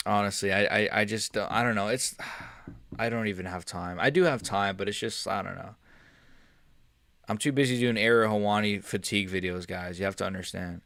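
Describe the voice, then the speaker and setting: A young man streams his live reaction to a fight, excitable and foul-mouthed, dropping to mumbles and then shouting. His voice sits low. The sound is dry and close. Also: a little fast, gravelly, no room sound. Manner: excitable, swings from mumbling to yelling, swears and laughs often.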